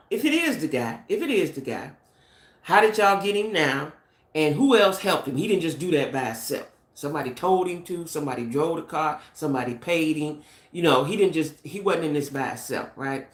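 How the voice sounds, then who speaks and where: A woman's voice: sits low, echoey room. A middle-aged American woman hosting a casual gossip live stream, chatty and speculative, talking straight to her viewers. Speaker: channel host.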